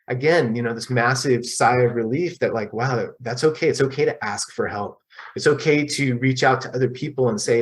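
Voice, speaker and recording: A middle-aged man telling his personal recovery story at a support group meeting, halting and candid, with frequent restarts and pauses. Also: medium pitch, rough recording.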